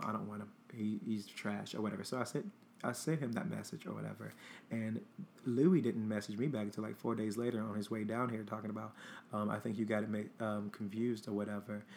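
A man's voice: fairly low pitch, a little mellow, a little hiss or hum. A young man hosting his own show, telling a dating story in a chatty, blunt, profane way and acting out both sides of a text exchange. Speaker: host. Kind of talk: casual storytime monologue.

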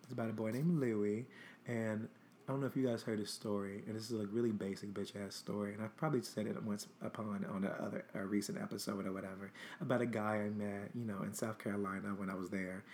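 A man's voice: on the low side, fast, slight background noise. Chatty man telling a story. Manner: chatty, animated, lots of filler words and swearing. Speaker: podcast host. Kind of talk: casual storytelling.

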